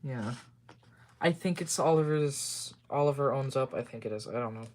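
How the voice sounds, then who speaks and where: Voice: mid-range voice, normal speed, a little mellow. A tired amateur reader working through a children's story aloud, stumbling over words, correcting themselves and swearing under their breath.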